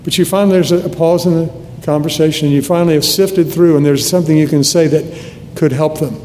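A man's voice: fairly even intonation, a little fast, mellow. A man in his seventies from Nebraska preaching a sermon to a congregation in a conversational, earnest way, often restarting his sentences. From United States (Nebraska). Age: 70s. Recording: long hall reverb, faint rumble.

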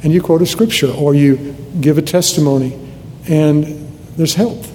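Older preacher with a mellow voice in a reverberant hall. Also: male voice, normal speed. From United States (Nebraska). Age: 70s. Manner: earnest, conversational preaching with restarts. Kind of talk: sermon. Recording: long hall reverb, faint rumble.

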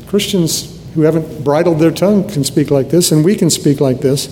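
An older man in his seventies preaches earnestly, his voice mellow and set a little high for a man. The sermon is recorded in a hall with a long, trailing reverb and faint low noise behind it. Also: moderate pace. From United States (Nebraska). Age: 70s. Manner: earnest, conversational preaching with restarts.

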